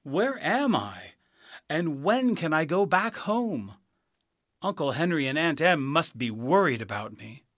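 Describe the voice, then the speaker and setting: A man's voice: a little high, very animated, a little slow, fairly bright tone, no echo, studio quality, pitched above the performer's own voice. A man voicing a polite young girl far from home, raising his voice to sound earnest in a storybook reading.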